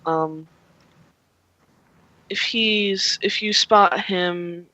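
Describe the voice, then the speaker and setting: A man's voice: high-pitched, fairly even intonation, extremely slow, pushed and bright, no echo, heavily acted, low-quality recording. A game master voicing a cold, scheming male director who orders an island destroyed, contemptuous and clipped. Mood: ruthless.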